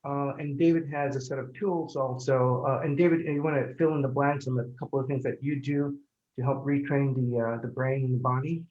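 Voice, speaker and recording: A man's voice: mid-range voice, fairly even intonation, a little mellow. A pain psychologist explaining his approach in conversation, hesitant and full of fillers and restarts. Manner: halting, many fillers and restarts. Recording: dull lo-fi audio.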